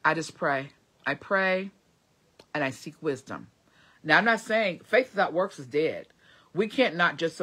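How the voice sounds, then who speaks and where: A woman's voice: deep voice, animated, moderate pace, sharp tone. A woman vlogging to camera, talking earnestly about faith and prayer, rambling with many fillers. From Cincinnati area, USA. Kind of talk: casual motivational talk.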